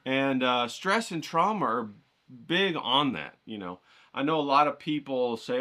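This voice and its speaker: A man's voice: mid-range voice, expressive, unhurried, bright, forceful tone. A man hosting an art vlog, rambling and joking in a folksy, casual way. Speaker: art channel host. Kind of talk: casual vlog talk with drawing tips.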